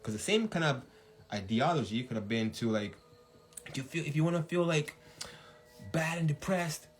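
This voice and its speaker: Animated man talking on a livestream. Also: on the high side, normal speed, soft background music. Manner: animated, laughs often, shouts when acting out hype. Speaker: podcast host. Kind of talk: casual livestream talk.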